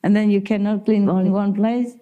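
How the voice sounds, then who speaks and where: A woman's voice: medium pitch, steady tone, brisk, dark tone, highs cut off. A woman spiritual teacher giving an informal talk to disciples, telling stories in simple non-native English and laughing often.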